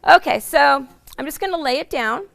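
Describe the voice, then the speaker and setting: A chatty woman walks through a quilting demonstration, explaining each step as she goes. Her voice is hoarse and rough with heavy fry, set a little high. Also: lively intonation, normal speed, a bit bright. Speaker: quilting instructor. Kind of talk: casual sewing demonstration.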